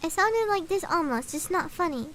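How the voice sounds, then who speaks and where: A woman's voice: extremely high pitch, animated, moderate pace, a bit bright, a little hiss or hum. A woman streamer casually reading a scary story aloud, swapping swear words for milder ones and breaking off for chatty asides.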